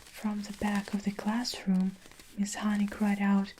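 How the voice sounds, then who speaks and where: A woman reads a storybook aloud in a slow, soft whispered role-play. Her tone is mellow and dark, with faint crinkling and crushing sounds behind her. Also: medium pitch, monotone, slight background noise, low-quality recording. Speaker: ASMR storyteller. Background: faint soap crushing and crinkling.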